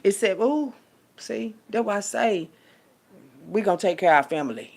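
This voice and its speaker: A woman delivering a profane, preachy rant as a little sermon, swinging between hushed asides and loud outbursts. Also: mid-range voice, animated, moderate pace. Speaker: vlogger giving a street sermon.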